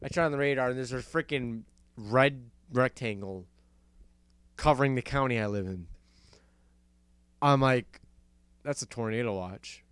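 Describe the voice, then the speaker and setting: A young man hosting a casual talk show, telling a story in an animated way, laughing and swearing often. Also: fairly high pitch, clean tone. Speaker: podcast host.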